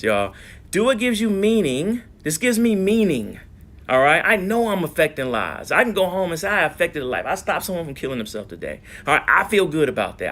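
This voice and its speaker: A man giving an energetic, preacherly faith-based self-help talk online, often checking in with "all right?". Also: a little high.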